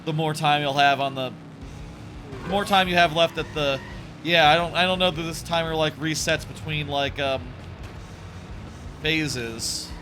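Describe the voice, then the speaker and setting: A man's voice: on the high side, unhurried, long pauses, sharp tone, soft background music. A man streaming a video game, giving casual commentary and thinking aloud in a rambling way.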